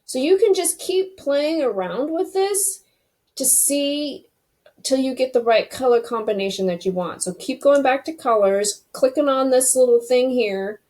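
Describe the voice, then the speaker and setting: A woman's voice: medium pitch, darkish tone. A woman hosting a casual screen-recorded web design tutorial, chatty and thinking aloud as she clicks through each step.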